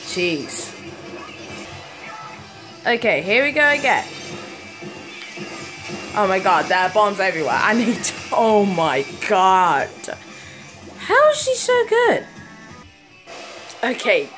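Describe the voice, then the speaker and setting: A woman talks through her own gameplay in an excitable, easily flustered way, full of exclamations. Her pitch is mid-range and her pacing is slow and drawn out. Light game music plays quietly underneath. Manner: excitable, exclaiming often, quick to panic and laugh at herself. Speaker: gaming video host. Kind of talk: live gameplay commentary.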